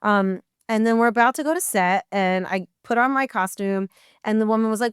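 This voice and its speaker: A woman tells a story as a podcast guest, bringing it to life by acting out each exchange with incredulous asides. Her voice is smooth and resonant, in a middle register for a woman. The sound is dry and close, with no room around it. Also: medium pitch, fairly quick, no room sound. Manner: animated, acts out dialogue with incredulous asides. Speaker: guest, burlesque performer. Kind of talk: casual storytelling in a podcast interview.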